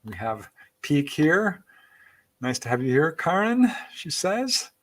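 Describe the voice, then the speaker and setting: A man's voice: fairly high pitch, sing-song, takes it slowly, fairly bright tone. A man hosting a live-stream show, reading out viewer comments in a chatty, thankful way and laughing between them. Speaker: podcast host.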